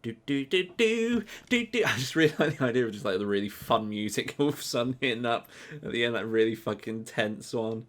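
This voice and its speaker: A woman's voice: very deep voice, fairly even intonation, fast, few pauses. A woman streamer narrating a visual novel playthrough, with wry, chatty asides over game music.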